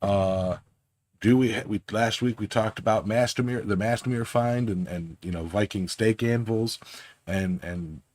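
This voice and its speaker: A man with a very low voice, chatting on a podcast in a loose, rambling way. He jokes a lot and circles back on himself mid-sentence. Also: unhurried, darkish tone, slight background noise. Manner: rambling, joking, with many restarts and fillers. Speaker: podcast co-host. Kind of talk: casual podcast chat.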